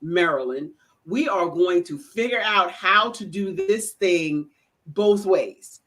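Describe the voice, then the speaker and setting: A woman who organizes events speaks on a video-call talk show in a slow, emphatic, deliberate way. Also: lowish voice, lively intonation, a bit bright. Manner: emphatic, deliberate, drawn-out phrasing.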